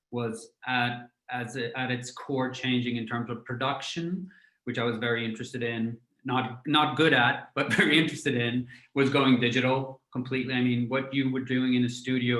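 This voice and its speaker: A man in his forties, a guest entrepreneur giving a reflective conversational answer, pausing often with fillers and restarts. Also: mid-range voice, fairly bright tone. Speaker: guest, music tech entrepreneur. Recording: roomy echo.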